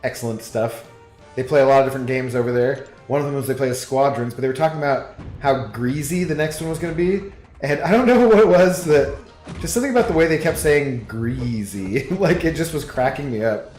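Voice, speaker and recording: A man chatting casually to viewers during a game stream, rambling from one thing to the next and laughing often. His voice sits at an ordinary middle pitch. It rings a little in a roomy space, with faint music under it. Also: a little fast, darkish tone. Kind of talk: casual stream chat while gaming.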